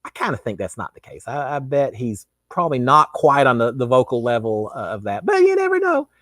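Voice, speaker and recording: A man's voice: mid-range voice, huge pitch swings, fairly quick, a bit bright, no echo, clean studio sound. A middle-aged man with a Texan accent, hosting a casual live chat and answering viewer questions in a rambling way. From Texas. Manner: rambling, many restarts and fillers. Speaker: host.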